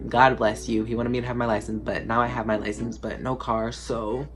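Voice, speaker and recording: A man's voice: medium pitch, flat delivery, fairly quick, fairly bright tone, a little hiss or hum. A teenage boy telling a casual storytime, rambling with lots of fillers and "like". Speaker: vlogger. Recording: clear music playing under the voice. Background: background music.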